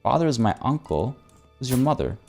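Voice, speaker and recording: A man's voice: medium pitch, very animated, brisk, a little mellow, soft background music. A man streaming a strategy game, chatting playfully with his viewers, reading event text aloud, joking and often stumbling over and repeating his words. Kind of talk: live-stream gameplay commentary.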